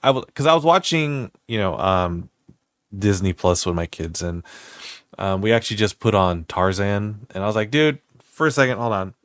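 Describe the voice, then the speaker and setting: A man's voice: low voice, normal speed, no room sound, studio quality. A man in his thirties chatting casually as a co-host, telling stories animatedly with a lot of swearing and laughter. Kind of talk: casual chat.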